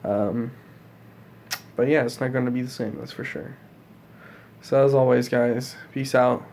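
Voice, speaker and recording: A man's voice: medium pitch, fairly even intonation, a little slow, a little mellow, a little hiss or hum. A man in his twenties talking in a casual vlog, rambling and swearing, with many fillers. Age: 20s. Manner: rambling, profane, full of fillers. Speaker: vlogger.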